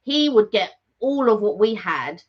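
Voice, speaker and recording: A woman's voice: medium pitch, very animated, unhurried, slightly rough. A woman co-hosting a casual live stream, opinionated and emphatic about food. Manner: opinionated, emphatic, laughs often. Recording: dull lo-fi live stream audio.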